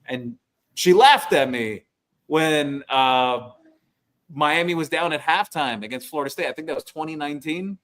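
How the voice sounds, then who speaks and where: A man's voice: fairly high pitch, expressive, normal speed, a bit bright. A man co-hosting a sports podcast over a video call, telling long stories that quote himself and others. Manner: long-winded storyteller who quotes himself. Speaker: podcast co-host. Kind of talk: casual sports chat.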